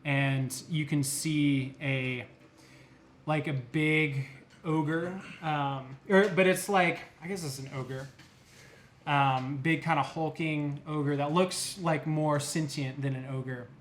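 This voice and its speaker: Slow, halting young man as game master. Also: fairly high pitch, steady tone, a little hiss or hum. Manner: halting, many fillers and restarts. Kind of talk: narrating a tabletop game.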